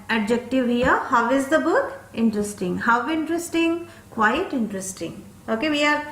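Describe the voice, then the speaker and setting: A woman's voice: on the high side, fairly bright tone, echoey room. A woman teaching an English grammar lesson, explaining step by step and checking in with "okay?" after each point.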